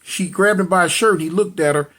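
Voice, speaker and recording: A man's voice: high-pitched, fast, a bit bright. A man telling a street story dramatically, repeating lines, calling out to listeners and voicing gunshot sounds. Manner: addresses listeners directly.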